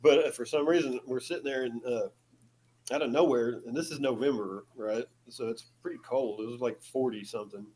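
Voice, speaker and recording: A man's voice: medium pitch, brisk, darkish tone. A man, a podcast guest, telling a story in a casual way, chuckling often and saying "you know" a lot.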